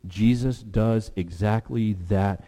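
A man preaching a sermon, emphatic, slowing down to stress key phrases. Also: on the low side, warm tone. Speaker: pastor.

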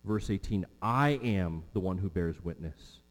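A man's voice: sits low, a little slow. Man preaching a sermon in a reverberant hall. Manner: emphatic expository preaching, repeats key lines.

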